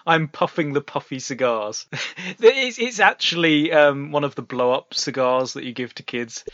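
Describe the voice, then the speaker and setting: A man with a fairly high voice, laughing often and playing along with his friend's jokes in casual comedy banter. The sound is dry and close, with a dull, lo-fi tone. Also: expressive, a little slow, fairly bright tone, no echo. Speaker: podcast co-host.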